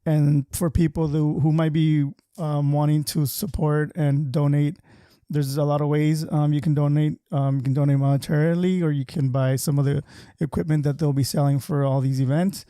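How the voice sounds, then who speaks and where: A chatty man hosts a relaxed community podcast over a video call, trailing into fillers and restarts as he talks. His voice sits a little high and sounds dark and mellow, recorded close and dry with almost no room sound. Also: moderate pace, smooth, no echo. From Southern California. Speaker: podcast host. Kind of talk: casual interview chat.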